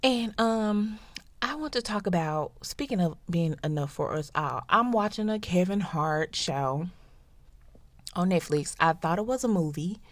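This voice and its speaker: Speaking on the low side, a young podcast host chats casually and playfully with her listeners, addressing them directly. She's animated and darts off on quick tangents. There's no echo in the recording.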